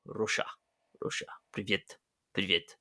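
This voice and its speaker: A man voicing a pompous male tsar in a deliberately bad fake Russian accent, declaring things stiffly and grandly. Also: sits low, fairly even intonation, pushed and bright, exaggerated voice. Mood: grandiose.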